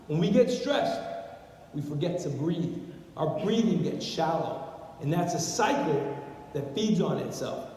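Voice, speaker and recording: A man giving an upbeat corporate talk, barking drill-style commands at the audience. His voice sits a little high and carries from a distance. It rings through a big, echoing hall. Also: a little mellow. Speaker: company executive presenter. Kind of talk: motivational corporate presentation. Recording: echoey hall, speaker far from mic.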